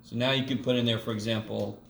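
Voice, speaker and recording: A casual man lecturing a math class, recorded from across an echoey room with faint noise behind him. His voice has a gravelly edge, and he jokes and swears mildly as he teaches. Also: mid-range voice, steady tone, quick pace, a bit bright, far from the mic. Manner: casual and joking, with mild swearing.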